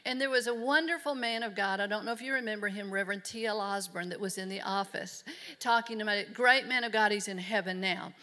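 A woman's voice: mid-range voice, brisk, sharp tone. A middle-aged woman preaching a sermon in an emphatic, earnest way. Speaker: pastor.

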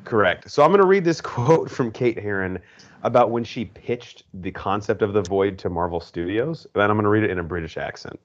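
A man's voice: on the low side, animated, fairly quick, highs cut off. A man hosting a podcast, chatting enthusiastically in a casual way with frequent fillers. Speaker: podcast host. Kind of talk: casual chat.

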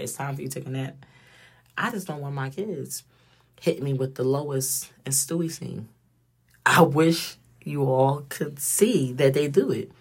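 A woman's voice: very deep voice, a little mellow, slightly rough. A woman in her thirties giving a blunt, profane, direct casual monologue as a vlogger.

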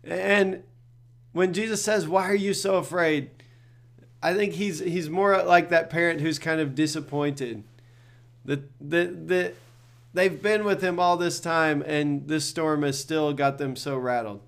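A man's voice: fairly high pitch, fairly even intonation, measured pace, vocal fry, a bit bright. A middle-aged male pastor giving a devotional talk in an earnest, conversational way, often repeating words as he thinks.

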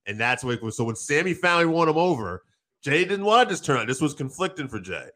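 A man co-hosting a casual wrestling talk show, excitedly recapping a match and swearing freely. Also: on the high side. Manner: excited, quick storytelling with acted quotes and profanity.

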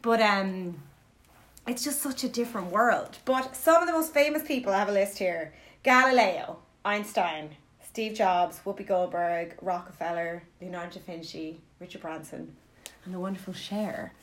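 A woman's voice: mid-range voice, normal speed, fairly bright tone. A woman hosting a podcast, chatting casually in an enthusiastic, encouraging way with lots of fillers like "like". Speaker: podcast host. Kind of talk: casual chat.

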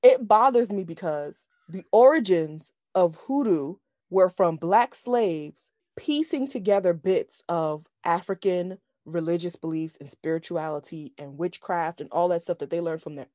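Blunt, animated woman chatting. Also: fairly low pitch, dry recording, clean studio sound. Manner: blunt, profane, laughs often, animated. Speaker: podcast co-host reviewing a film. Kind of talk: casual chat.

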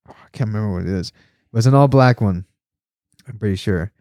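A man's voice: fairly low pitch, fast talker, dark tone, dry recording. A man hosting a casual podcast chat, rambling and swearing a lot, laughing often and getting worked up when he complains. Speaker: podcast host.

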